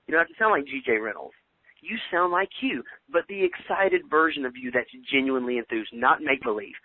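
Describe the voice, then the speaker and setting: A fairly high-voiced man leads a sales training call with preachy energy and often acts out sample phone pitches. His voice comes through a thin, tinny phone line.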